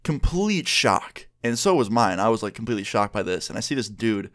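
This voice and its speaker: A man's voice: fairly low pitch, quick pace. A young man in his twenties, chatty and candid, casually swearing as he tells a storytime vlog. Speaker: vlogger.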